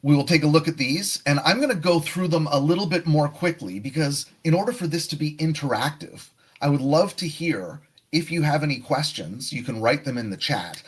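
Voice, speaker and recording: A man's voice: on the high side, lively intonation, brisk, husky. A man teaching a live online test prep lesson, explaining tasks and acting out sample answers. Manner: explanatory, demonstrative.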